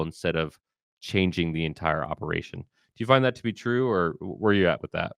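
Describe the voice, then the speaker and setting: Emphatic low-voiced male podcast host. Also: brisk, gravelly, smooth, no room sound, studio quality. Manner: animated, emphatic, frequent restarts. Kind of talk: conversational interview.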